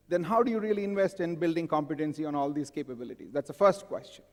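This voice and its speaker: A man speaks in a fairly high voice to a live audience in a large hall. He often stops to ask the crowd questions. A long reverb trails after his words. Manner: engaging, asks the audience frequent questions. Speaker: conference speaker. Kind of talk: live conference talk.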